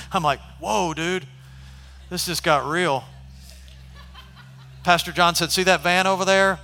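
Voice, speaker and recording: A man preaching a sermon, telling stories casually and at times shouting. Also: sits high, slow pace, long pauses. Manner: animated, shifts from conversational to shouting. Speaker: pastor. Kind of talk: sermon storytelling. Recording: long hall reverb.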